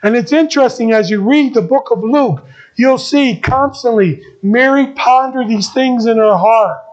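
A middle-aged man preaching a sermon as pastor, earnest and repetitive, moving between emphatic lines and soft ones. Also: very high-pitched, lo-fi sound.

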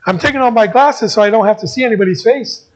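A middle-aged man preaching a sermon as pastor, earnest and repetitive, moving between emphatic lines and soft ones. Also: high-pitched, quick pace, lo-fi sound.

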